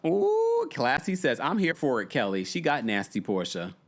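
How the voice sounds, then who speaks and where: A man hosting a live recap stream, chatting casually and reading viewer comments in a gossipy, animated way. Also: moderate pace. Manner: animated, gossipy, yawning and laughing, swings between high exclamations and low asides.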